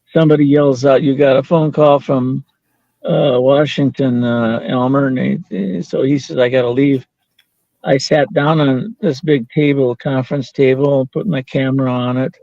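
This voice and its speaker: An older man with a mid-range, dark-toned voice tells an anecdote as an interview guest, quoting the people involved and laughing now and then. The recording is dry and the audio dull.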